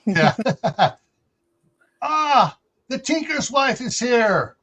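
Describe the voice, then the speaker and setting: Chatty middle-aged male host with a high voice, laughs easily, reads out viewer comments. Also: very animated, very slow, a bit bright, breathy edge. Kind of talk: casual livestream chat.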